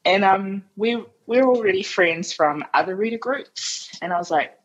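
A woman's voice: medium pitch, animated, moderate pace, muffled recording. A woman with a New Zealand accent speaking plainly about how she found a book. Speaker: fan group admin.

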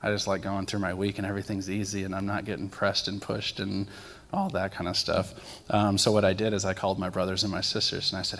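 A young man giving a casual sermon, sharing testimonies with animated storytelling and acted-out quotes. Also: deep voice, quick pace, gravelly, a little hiss or hum. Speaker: lay speaker sharing testimonies. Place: church sanctuary. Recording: long reverb of a church hall.

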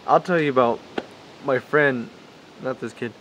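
A man's voice: medium pitch, measured pace, fairly bright tone, slight background noise. A man telling a rambling, profane story with frequent laughter. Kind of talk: casual anecdote.

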